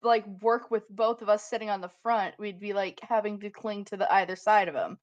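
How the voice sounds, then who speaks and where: A woman player in a tabletop game, calmly and plainly stating what her character does. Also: mid-range voice, brisk, lo-fi sound. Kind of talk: casual tabletop play.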